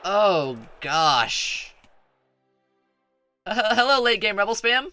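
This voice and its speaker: A man's voice: high-pitched, big pitch swings, drawn-out words, sharp tone, clean tone, no room sound, faint music behind. A man streaming a strategy game, giving playful, rambling commentary that stumbles over restarts.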